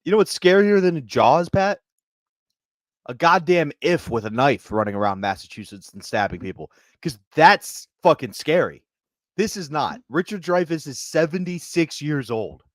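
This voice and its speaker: A man co-hosting a comedy podcast, riffing in an animated, profane way. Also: on the high side, moderate pace, dry recording, clean studio sound. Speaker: podcast co-host. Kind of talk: casual comedic chat.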